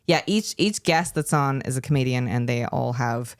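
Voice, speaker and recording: A woman comedian chatting casually as a guest, animated and quick with asides and swearing. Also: very deep voice, dry recording, studio quality. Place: studio.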